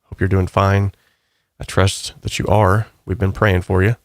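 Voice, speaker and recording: A man's voice: sits low, flat delivery, a little slow, dry recording, studio quality. A man hosting a casual stream, chatting loosely and reading viewer comments aloud in a rambling, upbeat way. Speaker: channel host.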